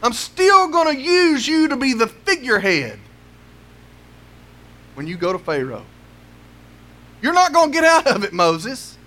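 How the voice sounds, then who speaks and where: A stern, patient God speaks firmly and coaxingly, then insists there is no way out, as a high-voiced male preacher puts him on. The voice stays high. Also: big pitch swings, measured pace, long pauses, pushed and bright, heavily acted.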